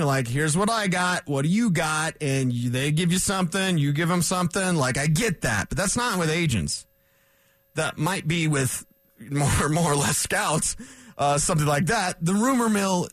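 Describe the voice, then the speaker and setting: Sex: man. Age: 40s. Role: sports talk radio host. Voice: high, lively. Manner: rambling, self-correcting. Mic: dry studio. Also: no echo. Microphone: studio microphone.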